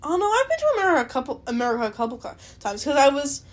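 A woman's voice: high voice, big pitch swings, rapid-fire. A young Canadian woman hosting a podcast, rambling casually, swearing a lot and laughing often. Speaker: podcast host. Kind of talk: casual solo chat.

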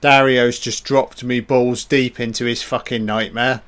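Slow, sarcastic man. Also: medium pitch, little pitch movement, fairly bright tone. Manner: sarcastic and profane, laid-back asides. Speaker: film commentator. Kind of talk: casual film commentary.

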